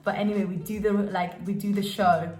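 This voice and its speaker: Brief: young female vlogger, excitable storyteller, echoey room, faint music under. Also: mid-range voice, brisk. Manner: gushing, emotional, lots of fillers and restarts. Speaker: dancer and vlogger. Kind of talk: casual storytelling vlog. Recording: roomy sound with faint music.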